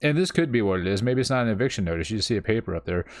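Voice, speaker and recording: A man's voice: on the low side, expressive, racing, no room sound, studio quality. A man co-hosting a casual chat, blunt and sarcastic with plenty of swearing.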